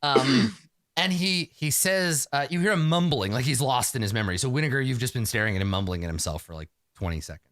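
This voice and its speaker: A man runs a tabletop game with a rambling, animated storytelling manner, full of fillers and restarts. His voice is bright and keen, and his pitch swings widely as he tells the scene. The sound is close and dry. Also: brisk, no echo. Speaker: game master.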